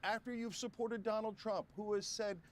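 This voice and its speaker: A man's voice: sits high, steady tone, normal speed, a crowd in the background. Combative man in a heated debate. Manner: combative, scoffing, talks over others. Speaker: political commentator guest.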